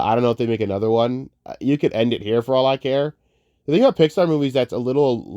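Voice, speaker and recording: A young man ranting casually about movies, profane and heated, wandering off on tangents and swinging between muttering and loud outbursts. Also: mid-range voice, no echo, highs cut off. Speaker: online commentator.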